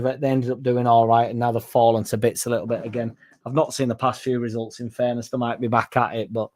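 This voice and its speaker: Bloke on a fan stream, warm mellow voice, rambles and swears reading the chat. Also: male voice, medium pitch. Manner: rambling, swears casually, reads viewer comments aloud. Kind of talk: casual live-stream chat.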